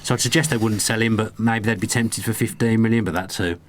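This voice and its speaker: Man, podcast host, very deep voice, rapid football chat, teasing asides in a booth. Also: fairly even intonation. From Birmingham, England. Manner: leads the talk, teasing asides.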